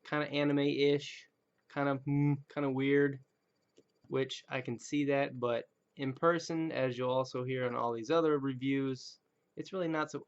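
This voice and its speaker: Reviewing toys in a casual webcam ramble, an action figure collector puts on joke voices and pokes fun at himself. His mid-range voice is smooth and fairly even in intonation, with a measured pace, on a dull lo-fi recording.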